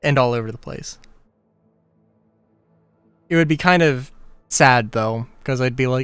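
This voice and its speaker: A man's voice: medium pitch, unhurried, long pauses, a bit bright, smooth, no room sound. A man livestreaming a game, chatting casually in a rambling, self-interrupting way and breaking into laughs often. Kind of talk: casual chat while gaming.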